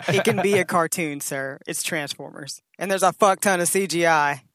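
A woman's voice: on the low side, normal speed, a bit bright, no echo. A woman chatting on a podcast with friends, dry and matter-of-fact. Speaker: podcast guest. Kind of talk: casual chat among friends.

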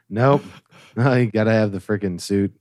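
A man's voice: fairly low pitch, a little slow, darkish tone, no room sound, studio quality. A man co-hosting a casual podcast chat, blunt and complaining. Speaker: podcast co-host.

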